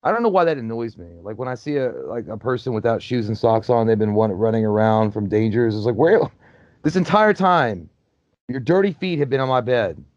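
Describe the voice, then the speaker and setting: A man's voice: on the low side, lively intonation, moderate pace, darkish tone, no echo, muffled recording. Profane joking man riffing on a movie. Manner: profane, joking, riffs on the film. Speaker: movie commentary host. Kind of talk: casual movie commentary.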